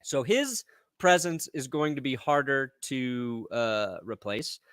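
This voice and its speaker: A young man co-hosting a casual sports podcast, animated and joking. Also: mid-range voice, slow, clear, resonant tone, dry recording, clean studio sound. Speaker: podcast co-host.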